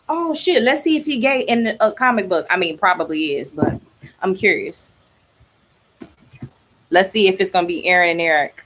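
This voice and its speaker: A woman's voice: mid-range voice, normal speed, long pauses, fairly bright tone. A woman streamer reading comics aloud and reacting casually, chatty and profane. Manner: chatty, profane, laughs often.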